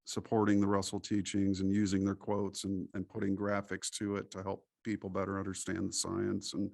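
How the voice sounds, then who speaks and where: Gravelly low-voiced man preaching with gusto. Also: a little fast, no room sound, clean studio sound. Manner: animated, preachy storytelling with acted quotes. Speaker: interview guest. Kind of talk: casual podcast interview.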